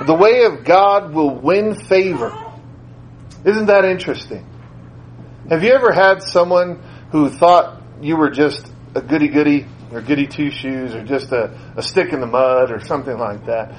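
High-voiced man preaching conversationally. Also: a little hiss or hum, poor audio. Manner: conversational, repeats phrases for emphasis. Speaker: school teacher. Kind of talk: sermon.

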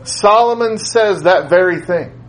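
High-voiced man preaching conversationally. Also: unhurried, a little hiss or hum, rough recording. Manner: conversational, repeats phrases for emphasis. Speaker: school teacher. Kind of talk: sermon.

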